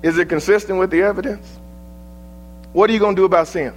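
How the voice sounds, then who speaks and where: A man preaching a sermon to young people, emphatic, firing rhetorical questions and shouting out quoted verses. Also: sits high, steady tone, quick pace, soft background music.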